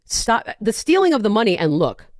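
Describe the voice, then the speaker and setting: A woman hosting a podcast in casual chat, animated and sarcastic, often breaking into rants. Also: medium pitch, a little fast, no room sound, studio quality. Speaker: podcast host.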